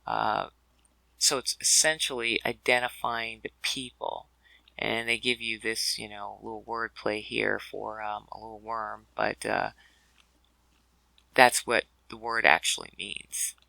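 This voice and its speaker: A man's voice: on the low side, flat delivery, measured pace, vocal fry, sharp tone, dry recording, low-quality recording. A man teaching a scripture word study in a conversational way, with fillers and restarts, addressing listeners as brothers and sisters. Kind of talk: explanatory video lesson.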